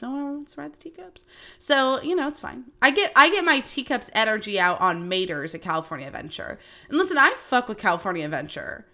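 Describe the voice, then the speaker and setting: A woman around thirty hosting a podcast, telling stories in a casual, animated way and swearing freely. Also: mid-range voice. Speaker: podcast host. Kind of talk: casual storytelling chat.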